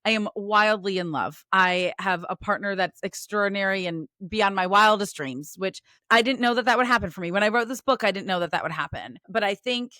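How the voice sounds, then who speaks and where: A woman's voice: mid-range voice, brisk, few pauses, bright, forceful tone, no echo, studio quality. A middle-aged woman speaking candidly and emotionally as a guest author in a podcast interview.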